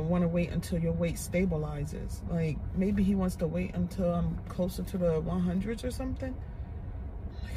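Frustrated woman venting in halting bursts. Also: lowish voice, noisy background. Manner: frustrated, halting, with restarts and sighs. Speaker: podcast host. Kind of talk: candid spoken confession.

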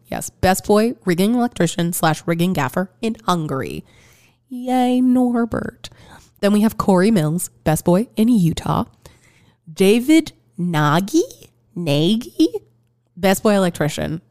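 A woman co-hosts a film podcast, gushing and cheering with real enthusiasm. Her lower voice swings lively up and down. The recording is dry and close. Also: normal speed, no room sound. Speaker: podcast co-host. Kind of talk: casual chat about film.

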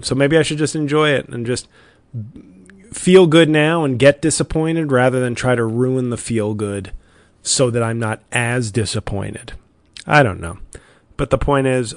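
Man, comedian, solo podcast monologue, weary, wry, self-deprecating, mid-pitched, dry sound. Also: dry recording.

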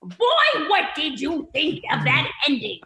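A shrill, squinting male comedian voice with a piercing, bright edge, as a woman puts it on. Every consonant is hit hard, and the pitch is pushed well above a normal man's range. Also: huge pitch swings, takes it slowly, roomy sound, exaggerated voice. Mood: deadpan gripe.

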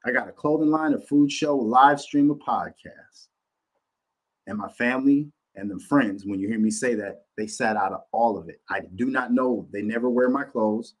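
Husky-voiced man ranting bluntly. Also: medium pitch, normal speed, low-quality recording. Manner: blunt, profane, animated. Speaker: podcast host. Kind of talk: casual rant to camera. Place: home office room.

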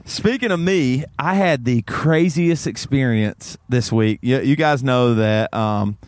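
A man, co-hosting a podcast, telling a story in casual chat and laughing through it. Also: slow pace. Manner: animated, laughs through the story, voice jumps high when excited. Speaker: podcast co-host.

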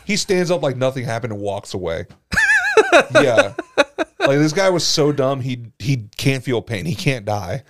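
A man's voice: medium pitch, huge pitch swings, measured pace, background noise. A man co-hosting a podcast, telling crude, profane school stories in casual chat and laughing as he goes. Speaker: podcast co-host.

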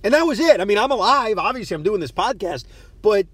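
A man's voice: high voice, animated, quick pace, fairly bright tone, breathy edge, dry recording. A man, hosting a podcast and telling a story in a casual, self-deprecating way, often stammering as he restarts. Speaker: podcast host. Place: parked car.

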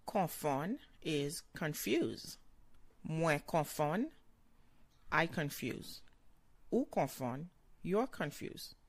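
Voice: medium pitch, very animated, very slow, long pauses, dry recording. A language teacher giving a short vocabulary lesson, saying each word several times and then translating it.

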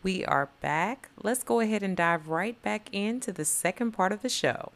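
A woman's voice: medium pitch, animated, normal speed. A woman hosting a podcast in an upbeat, chatty way, calling listeners y'all. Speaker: podcast host.

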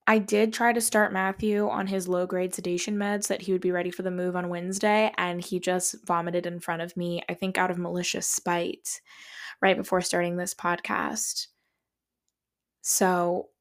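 A young woman hosting a podcast, telling a story in a casual, profane, dramatic way. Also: medium pitch. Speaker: podcast host.

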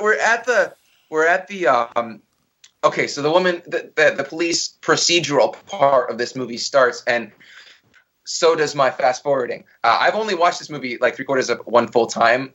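A man's voice: mid-range voice, moderate pace, a bit bright, highs cut off. A man co-hosting a casual podcast, ranting profanely and mockingly about a bad movie. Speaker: podcast co-host. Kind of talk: casual movie review chat.

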